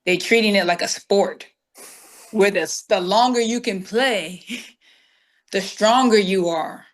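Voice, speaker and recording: Woman telling a story, acts out everyone's lines, lively. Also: medium pitch, slow. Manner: animated storyteller acting out quoted dialogue. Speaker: guest saxophonist. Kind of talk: storytelling interview.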